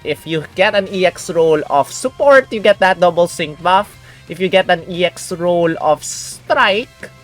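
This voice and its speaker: A woman's voice: on the low side, fairly bright tone. A woman hosting a game video, giving a casual guide and chatting to viewers in an explanatory way.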